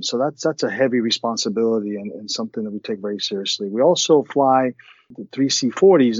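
A man from Puerto Rico answering interview questions as a guest, talking in a relaxed, conversational way with frequent ums and uhs. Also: medium pitch, no room sound, muffled recording. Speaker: military commander, guest.

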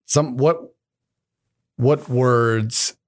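A man's voice: medium pitch, drawn-out words. An American man hosting a podcast in a casual, joking chat. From United States. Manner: joking, teasing. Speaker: podcast host.

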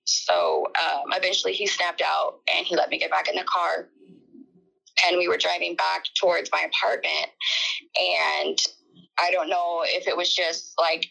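A woman in an interview, recounting a personal ordeal in a halting, emotional way with many fillers. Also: fairly low pitch, flat delivery, gravelly, sharp tone, rough recording.

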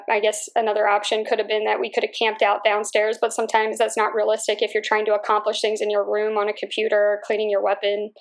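A woman Marine Corps aviator, answering interview questions in a measured, reflective way with frequent fillers. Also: medium pitch.

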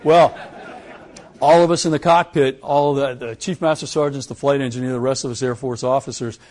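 An older American man, a retired pilot, gives an anecdotal lecture full of stories from his career. An animated storyteller, he acts out the dialogue and chuckles in a lively way, speaking fairly quickly at medium pitch.

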